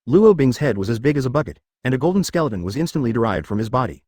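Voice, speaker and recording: Lively male audiobook narrator. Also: mid-range voice, very fast, no room sound, studio quality.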